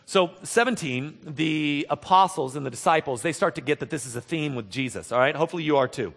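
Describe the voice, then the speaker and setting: A pastor preaching a conversational sermon, acting out the dialogue of the scripture stories with frequent restarts. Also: male voice, a little high, fairly quick, creaky, fairly bright tone, long reverb tail. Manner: conversational, acts out dialogue, repeats words.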